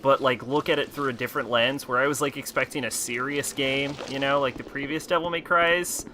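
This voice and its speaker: A man's voice: mid-range voice, fairly even intonation, fairly quick, pushed and bright, a little hiss or hum. Rambling, easily amused male streamer. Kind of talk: casual stream chat.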